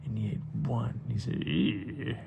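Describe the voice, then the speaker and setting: A man narrating a bedtime story in a playful, animated way, with sound effects. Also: mid-range voice, moderate pace, creaky, noisy background.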